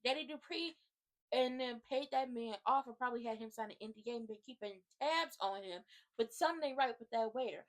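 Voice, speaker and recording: A woman with a high-pitched voice hosts a casual recap rant. She is animated and slangy and speaks straight to her viewers. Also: a little fast. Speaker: YouTube host recapping a TV drama.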